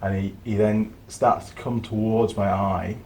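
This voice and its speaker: A man's voice: on the low side, flat delivery, unhurried, very noisy. A man hosting a mechanics channel, telling a story in casual workshop chat and swearing now and then.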